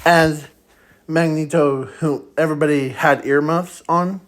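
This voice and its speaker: A man improvising a fan story aloud in a rambling, halting way, often trailing off. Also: a little high, fairly even intonation, rough recording.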